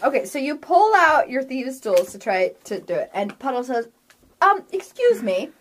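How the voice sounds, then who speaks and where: A woman narrating a tabletop game as game master, giggly and animated. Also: high voice, moderate pace, slight background noise.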